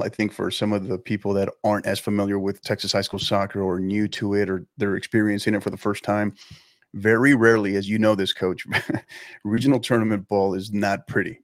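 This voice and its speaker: Guy hosting a sports chat, lowish voice, dry mic, easygoing questions. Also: no echo. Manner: conversational, ends points with "right?". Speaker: sports show host. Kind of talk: casual interview.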